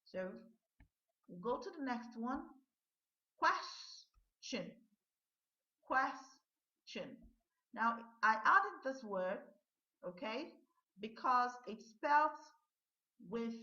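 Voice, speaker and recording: A woman teacher running a pronunciation lesson, drawing words out slowly and checking in with "okay?" often. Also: on the high side, pushed and bright. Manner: slow, drawn-out modeling of words, frequent "okay?" checks. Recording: dull lo-fi sound in an echoey room.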